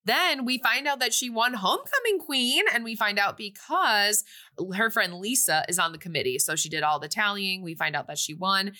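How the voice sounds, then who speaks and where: Young woman, bright voice, casual podcast chat, rambling movie recap, lots of fillers. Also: mid-range voice, expressive, moderate pace. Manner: rambling, filler-heavy retelling. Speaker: podcast co-host.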